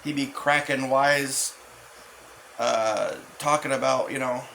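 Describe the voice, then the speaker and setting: Casual male host, mid-pitched, rambling and profane, faint background hiss. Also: fairly even intonation, vocal fry, bright, forceful tone, low-quality recording. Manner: profane, halting, full of restarts and fillers. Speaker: channel host.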